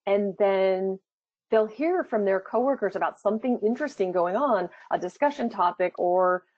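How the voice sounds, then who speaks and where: A woman presenting a live product demo, talking it through casually with fillers as she goes. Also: moderate pace. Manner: chatty, thinking aloud with fillers. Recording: dull low-fidelity sound.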